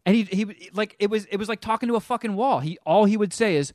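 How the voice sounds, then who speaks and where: A man hosting a podcast, telling a story in casual chat, animated and profane. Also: high-pitched, fast, hardly any pauses, dry recording, clean studio sound. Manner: animated, profane, acts out the people he quotes. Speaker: podcast host.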